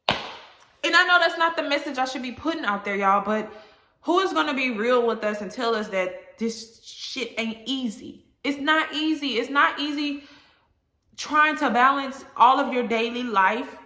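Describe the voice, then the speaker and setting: A woman's voice: mid-range voice, moderate pace, sharp tone. Candid woman vlogging in an echoey room. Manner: candid, emotional, talks straight to viewers. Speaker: vlogger and content creator. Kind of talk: candid casual vlog talk.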